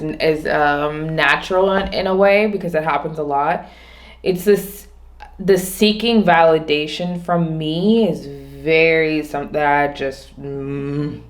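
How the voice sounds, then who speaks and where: A woman vlogging alone, talking through her day in a rambling, reflective way, often restarting and slowing down on her main points. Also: deep voice. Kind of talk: casual reflective monologue.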